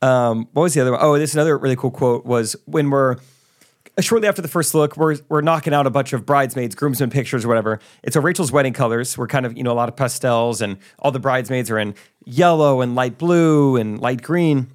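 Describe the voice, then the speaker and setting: Young male podcast co-host, casual storyteller, animated when quoting people. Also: mid-range voice, fairly quick. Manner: storytelling, excitable, acts out quotes. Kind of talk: casual chat.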